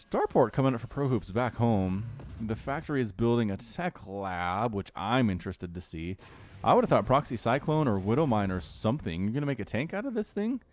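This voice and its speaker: A man commentating a strategy game replay in a chatty way, talking straight to his viewers. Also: on the low side. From United States. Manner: animated, chatty, addresses viewers directly. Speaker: esports caster.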